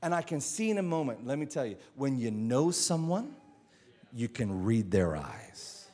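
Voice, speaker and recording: A middle-aged man, preaching a sermon as a pastor. He tells stories in a lively, animated way and acts out other people's voices. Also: mid-range voice, measured pace, in a large hall.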